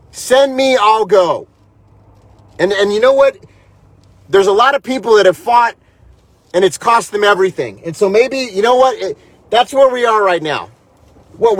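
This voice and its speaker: A man's voice: high voice, no room sound. A man preaching an emotional update as pastor and host, fervent and repeating himself, close to tears. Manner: fervent, repetitive, preacher's cadence.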